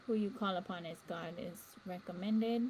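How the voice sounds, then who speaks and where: A woman's voice: fairly low pitch, moderate pace, darkish tone, slight background noise, poor audio. A woman hosting a spiritual livestream, talking earnestly and rambling with fillers. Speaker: livestream host. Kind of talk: casual spiritual talk.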